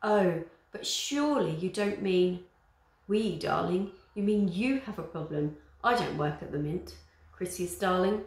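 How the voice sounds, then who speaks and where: A woman reading aloud, voicing a fussy, excitable grand Roman lady who gushes and calls everyone darling. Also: on the low side, unhurried, vocal fry, reverberant. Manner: gushing, says darling a lot.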